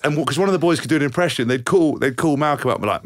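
A man's voice: medium pitch, fast talker, hardly any pauses, dry recording, studio quality. A man in his thirties, a podcast co-host and former rugby player, telling stories with lots of laughing, swearing and imitating people. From England. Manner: animated storyteller who mimics others, laughs often, swears casually. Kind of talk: casual anecdote telling.

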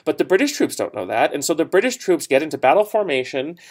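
A man's voice: a little high, sing-song, fast talker. Casual storytelling male history teacher. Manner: conversational storytelling with fillers and asides. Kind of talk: recorded classroom lecture.

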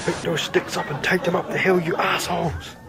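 A young man voicing a foul-mouthed male drill sergeant, shouting and bullying. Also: sits high, fairly even intonation, brisk, gravelly, a crowd in the background, noisy background. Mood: barking.

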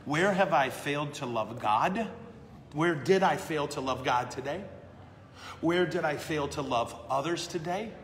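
Joking priest in a reverberant brewery. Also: male voice, on the high side, measured pace, fairly bright tone. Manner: joking, self-deprecating, asks the room "okay?" and "right?". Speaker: priest hosting a live Q&A show. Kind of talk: casual chat answering viewer questions. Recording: long reverb, faint ambient noise.

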